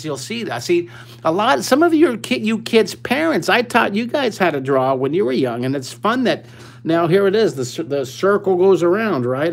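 An older man with a slightly high voice leads a live drawing lesson for kids, streamed from his webcam. He is enthusiastic and playful, talking straight to the children as he draws. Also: gravelly, slight background noise. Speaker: drawing teacher.

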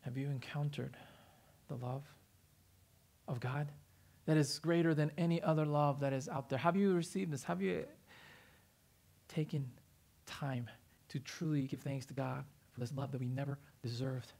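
A male pastor telling a story in a sermon, animated and rising in emphasis. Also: mid-range voice, moderate pace, gravelly, pauses often. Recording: church service livestream.

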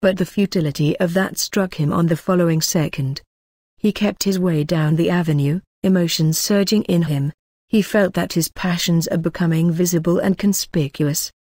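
A woman narrating a novel as an audiobook in a steady, measured reading. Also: lowish voice, dry recording, clean studio sound.

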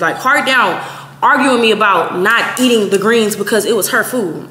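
A woman in her twenties, from Texas, telling a story in a blunt, profane, animated way, quoting people as she goes. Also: fairly high pitch, brisk. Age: 20s. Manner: blunt, profane, animated retelling with quoted voices. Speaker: vlogger. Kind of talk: casual storytime. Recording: echoey room, faint noise.

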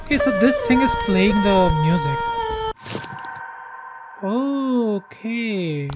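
Male streamer, slow and jokey, mock-scared horror playthrough commentary. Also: sits high, sing-song, loud music behind the voice. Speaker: gaming streamer. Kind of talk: let's play commentary.

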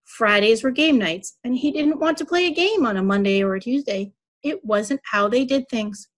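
A woman's voice: a little high, expressive, normal speed. Woman reading a children's story. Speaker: reader at a church service.

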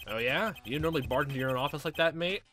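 A man voicing a gruff, bossy male detective with a shaky attempt at a British accent. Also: fairly high pitch, racing, fairly bright tone, close to an everyday voice. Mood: sarcastic.

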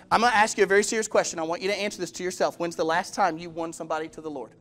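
A preacher with a notably high voice delivers a sermon, pressing his congregation with direct questions and slipping into character voices as he tells his stories. Faint music sits quietly behind him in the church. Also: fast talker. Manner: storytelling, acts out quoted voices. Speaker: pastor.

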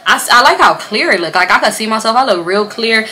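A young woman vlogger telling a storytime to her camera at home, casual and animated, swearing freely and acting out what people said. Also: on the high side, quick pace. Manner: animated, swearing, acts out quotes. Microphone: camera or phone on a stand.

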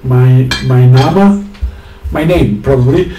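A man co-hosting a mukbang chat, reading out viewer comments and names haltingly and teasing his partner along the way. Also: medium pitch, reverberant, distant mic, noisy background. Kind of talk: casual chat.

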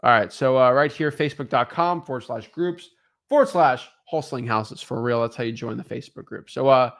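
Brief: male co-host, casual upbeat stream chat, mid-pitched voice, frequent shout-outs. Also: brisk, vocal fry. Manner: upbeat, giving shout-outs, many fillers. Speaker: co-host of a wholesaling livestream.

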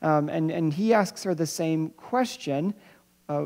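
A pastor giving an Easter sermon, who thinks aloud, restarts phrases and repeats words, and slows down to stress key points. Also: medium pitch, darkish tone. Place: church sanctuary. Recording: long reverb of a church hall.

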